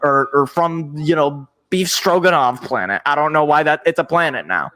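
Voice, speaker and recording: A man's voice: on the high side, normal speed, bright, forceful tone. A young man hosting a sports show, reacting live with exasperated, sarcastic, rambling commentary. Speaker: sports podcast host.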